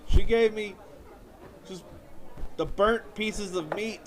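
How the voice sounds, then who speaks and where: A man's voice: high voice, slow. A man performing a self-pitying stand-up comedy monologue on stage before a live audience. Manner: whiny, self-pitying storytelling. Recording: audience laughter and background noise.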